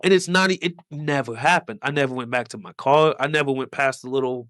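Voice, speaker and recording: A man's voice: medium pitch, fast talker, fairly bright tone, dry recording, studio quality. A man who hosts a podcast and does comedy, telling a story in a rambling, casual way, with lots of swearing and "like" fillers. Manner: rambling, profane, many "like" fillers.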